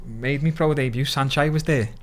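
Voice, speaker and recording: A young man with a broad Scouse accent tells stories as a podcast guest. His talk is loose and animated, full of slang and swearing, with "lad" dropped in all the time. His voice sits at a middling pitch for a man. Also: moderate pace, a little hiss or hum. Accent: Liverpool (Scouse). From Liverpool, England. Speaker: podcast guest, MMA fighter. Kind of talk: casual storytelling.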